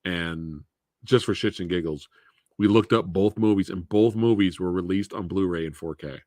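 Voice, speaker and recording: A man's voice: low voice, normal speed, darkish tone, dry recording, studio quality. A man hosting a live movie Q&A stream, chatting casually, laughing often and swearing freely.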